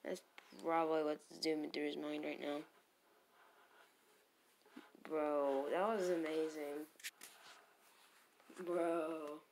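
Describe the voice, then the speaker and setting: A woman casually commentating her own game battles, muttering to herself and bursting into loud cheers. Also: sits low, level tone, slow pace, slight background noise.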